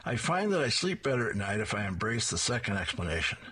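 A man's voice: on the low side, big pitch swings, fast, sharp tone, husky, exaggerated voice. A man voicing a wry comic-strip mother making a joke.

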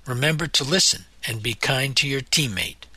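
A man's voice: medium pitch, moderate pace, pushed and bright, breathy edge, no room sound. A man reading a stern woman teacher. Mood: firm. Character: stern female teacher announcing debate teams.

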